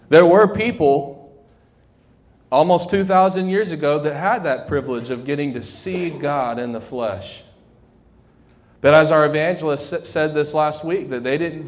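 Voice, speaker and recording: A young adult man preaching with fervor to a congregation, his voice sitting a little high for a man. He slows right down to drive home the key lines, then picks the pace back up. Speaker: pastor. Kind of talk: sermon.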